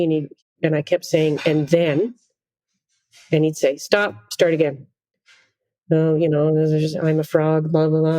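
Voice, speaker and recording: A middle-aged woman, a conductor, telling a story in a podcast interview, animated, acting out quotes and laughing often. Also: fairly low pitch, no room sound. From Canada. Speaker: guest conductor.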